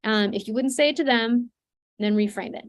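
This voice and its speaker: A woman's voice: fairly high pitch, normal speed. Earnest woman teaching a healing seminar. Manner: earnest, teaching, many fillers and restarts. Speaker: seminar presenter, trauma coach. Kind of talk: online seminar talk.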